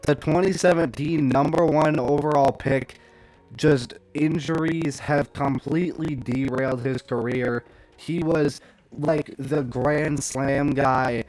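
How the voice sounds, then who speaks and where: Hosting a laid-back news commentary vlog, this young man speaks in a mid-range voice with a darkish tone. His talk is rambling and snarky, full of trash talk and playful insults.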